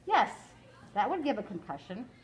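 A woman's voice: on the high side, very animated, moderate pace, muffled recording. A woman reading aloud as an eccentric elderly widow with a formal, wordy, musing way of speaking.

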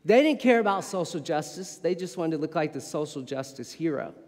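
A man in his thirties preaching a sermon as pastor, telling stories in a lively way and poking fun at himself. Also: on the high side, fairly quick. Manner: animated storytelling with playful self-mockery. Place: church sanctuary. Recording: long reverb of a church hall.

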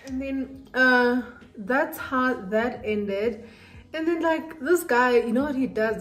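Chatty young woman in an echoey room. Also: mid-range voice. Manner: animated, chatty, lots of 'like'. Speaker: beauty vlogger. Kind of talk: storytime while doing makeup. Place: room lit by softbox lights. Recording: echoey room, faint music.

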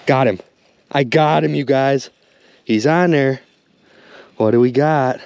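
A man vlogging while ice fishing outdoors on a frozen lake, talking excitedly to his viewers and exclaiming often. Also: medium pitch, slow pace. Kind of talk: excited outdoor vlog narration. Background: wind and outdoor ambience.

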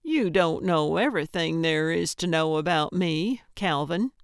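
A woman's voice: low voice, lively intonation, measured pace, smooth, dry recording, studio quality. A woman voicing a chipper older woman who plays amateur sleuth, talking in a perky, cheeky way.

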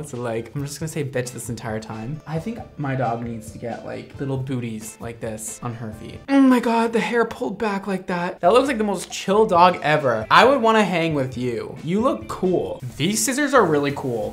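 A man hosting a casual reaction vlog, his voice swooping all over in lively, animated bursts. He gushes and exclaims dramatically, filling his talk with "like". Faint music plays behind him. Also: on the high side. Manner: gushing, dramatic exclamations, says "like" a lot. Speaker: hairdresser reacting to videos.

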